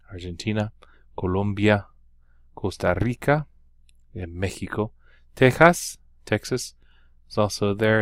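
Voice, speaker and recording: Slow, low-voiced man teaching Spanish. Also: no room sound, clean studio sound. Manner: unhurried, with many ums and uhs, slow careful Spanish examples. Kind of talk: recorded lesson walkthrough.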